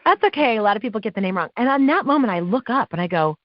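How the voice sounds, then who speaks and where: A woman guest on an interview show, telling stories about her work as a live awards announcer, with lively quoted dialogue and frequent laughs. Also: fairly high pitch, racing, no room sound. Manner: animated, acts out quotes, laughs often. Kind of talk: casual interview storytelling. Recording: dull dry podcast audio.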